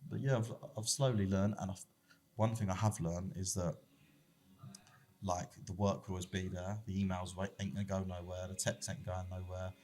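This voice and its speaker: A young man with a lowish voice, guesting on a casual podcast. He talks openly and with warmth, telling personal stories in a heartfelt, candid way. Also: little pitch movement, normal speed. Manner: open, candid, heartfelt storytelling. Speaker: barber shop founder, guest.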